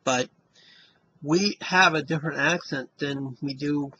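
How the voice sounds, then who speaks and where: A man's voice: fairly high pitch, unhurried, pushed and bright, breathy edge, no echo, lo-fi sound. A man speaking with a Western Massachusetts accent mixed with Central Florida, talking to camera in an easygoing, rambling way. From Springfield, Massachusetts. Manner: rambling, easygoing, loose sentences. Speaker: vlogger. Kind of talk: casual talk to camera.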